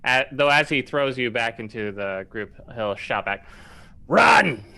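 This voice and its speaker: A man's voice: medium pitch, normal speed, bright, forceful tone, smooth. A man playing a tabletop game, unsure of his options and checking his abilities aloud. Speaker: player.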